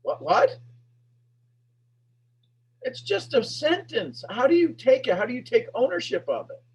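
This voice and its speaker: A man coaching a sales master class, firing emphatic, repetitive questions at his audience and pushing his voice up toward a shout. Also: very high-pitched, huge pitch swings, a little slow, slightly rough, lo-fi sound. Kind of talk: animated teaching talk to an online audience.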